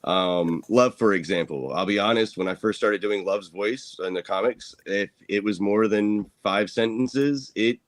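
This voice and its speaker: Low-voiced earnest male podcast host. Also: a little slow, hardly any pauses, dry recording. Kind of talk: casual podcast chat.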